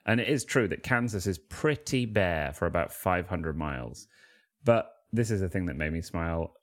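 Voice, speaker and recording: A comedian and freestyle rapper from Manchester, England, appears as a guest, spinning wry, rambling anecdotes in casual chat with a Mancunian accent. His voice sits low and sounds animated, at a moderate pace.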